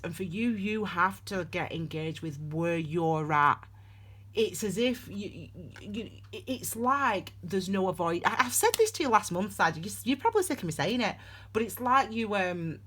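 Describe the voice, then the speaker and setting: Low-voiced rambling woman. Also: fairly bright tone. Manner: rambling and digressive, with many restarts. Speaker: tarot reader. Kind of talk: casual spoken tarot reading.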